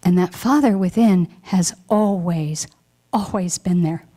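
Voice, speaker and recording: A woman's voice: on the low side, measured pace, dark tone. Woman minister giving a heartfelt sermon. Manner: heartfelt, reflective, emotional at times. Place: church hall.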